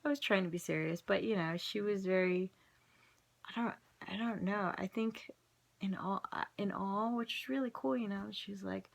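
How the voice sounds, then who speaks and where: A woman vlogger with a gravelly, creaky edge to her voice tells a story in a loose, rambling way. Her pitch sits in an ordinary middle range. She is casual and self-mocking, with quick laughs and plenty of fillers.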